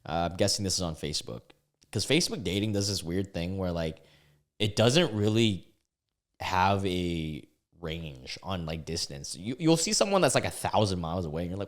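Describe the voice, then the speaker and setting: Young man, low-pitched voice, casual reaction commentary, halting, stumbles over words. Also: lively intonation. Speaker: YouTube reaction host. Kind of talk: casual commentary reading online posts.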